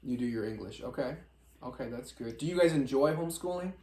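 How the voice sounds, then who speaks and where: A man's voice: medium pitch, animated, a little fast, dark tone. A man hosting a casual family podcast as the father, joking and often laughing as he asks his sons questions. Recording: roomy echo.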